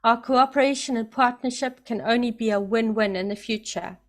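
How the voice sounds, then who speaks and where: A woman giving emphatic, excited spoken commentary, often repeating herself for emphasis. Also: fairly high pitch, normal speed. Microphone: computer mic, camera off.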